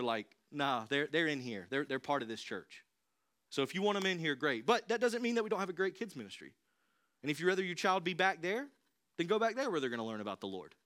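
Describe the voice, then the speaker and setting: A man's voice: fairly high pitch, fairly bright tone. Conversational young male pastor preaching. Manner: conversational preaching, emphatic and direct. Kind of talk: sermon.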